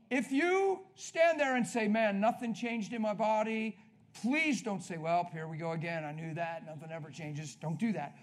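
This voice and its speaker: A man preaching at a healing service in an energetic, conversational way, coaching the congregation with quick questions. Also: sits high. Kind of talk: sermon.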